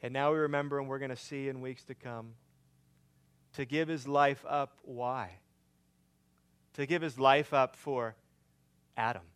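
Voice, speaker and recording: A man preaching a sermon, swinging between loud emphatic lines and quiet hushed ones. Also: mid-range voice, steady tone, unhurried, pauses often, clean tone. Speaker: pastor.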